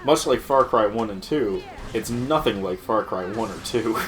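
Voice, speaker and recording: A man's voice: fairly low pitch, expressive, moderate pace, fairly bright tone. A man hosting casual gaming commentary, ranting with plenty of swearing and laughter while mimicking other people's lines. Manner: profane ranting, laughs often, mocks quoted voices. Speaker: let's play host.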